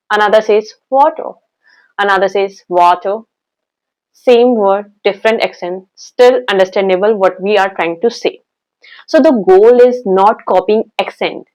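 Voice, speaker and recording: A young woman with an Indian English accent teaching a spoken-English lesson, talking slowly and deliberately and stressing her example words. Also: a little high, darkish tone, rough recording.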